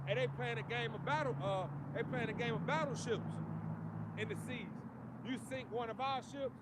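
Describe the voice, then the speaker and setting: A man with a high voice preaches on the street, driving each point home in an emphatic, preachy cadence. He keeps tagging lines with "man" and "you see". Clear outdoor street noise runs behind him.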